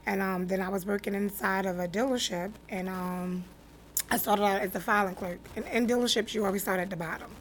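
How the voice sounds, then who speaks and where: A woman from Newark, a business founder telling her story as an interview guest in a direct, animated way. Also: mid-range voice, a little fast, a little hiss or hum. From Newark, New Jersey. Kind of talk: casual interview.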